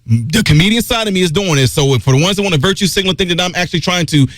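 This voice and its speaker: A middle-aged man hosting a talk radio show, delivering an emphatic opinion monologue that drops low and loud for stress. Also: lively intonation, fast, no echo.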